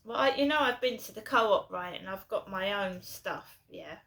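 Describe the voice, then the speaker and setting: Bright-voiced rambling woman vlogger. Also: medium pitch, moderate pace. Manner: rambling, repeats herself, many fillers and restarts. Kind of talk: rambling personal storytelling.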